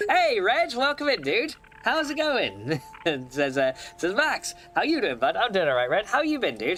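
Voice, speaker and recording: A man's voice: mid-range voice, a bit bright. A man streaming a video game, chatting casually with viewers, reading their messages aloud with many restarts and fillers, and laughing often. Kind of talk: casual livestream chat. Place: home room.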